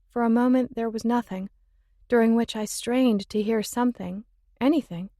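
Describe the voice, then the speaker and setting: A woman's voice: a little high, fairly even intonation, moderate pace, mellow, no room sound, clean studio sound. A woman giving first-person scripted narration with wry, emotional, sardonic asides. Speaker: audiobook narrator.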